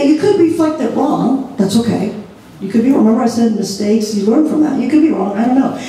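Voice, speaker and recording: A woman leading a church training session, lively and laughing as she acts out examples. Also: on the high side, slight background noise. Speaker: ministry group leader trainer. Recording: echoey room, mic far off.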